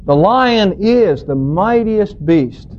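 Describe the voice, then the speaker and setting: A man's voice: sits high, animated, slow, darkish tone. A man preaching a sermon as a pastor, teaching through scripture in an earnest, storytelling, emphatic way. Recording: dull lo-fi recording.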